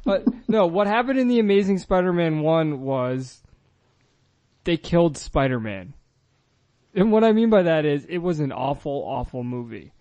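A man's voice: fairly high pitch, lively intonation, moderate pace, darkish tone, no echo, muffled recording. A man co-hosting a casual comedy podcast, sarcastic and laughing often. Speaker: podcast co-host.

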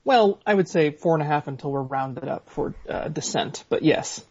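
A man co-hosting a podcast over a remote call, dry and deadpan in his jokes. His voice is husky, and the line sounds dull and muffled. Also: fairly high pitch, normal speed. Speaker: podcast co-host. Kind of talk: casual comedic podcast chat.

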